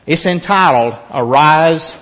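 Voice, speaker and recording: A man's voice: a little high, slow, a bit bright, long reverb tail. A man preaching a sermon as pastor, earnest and emphatic, repeating phrases to drive his point home.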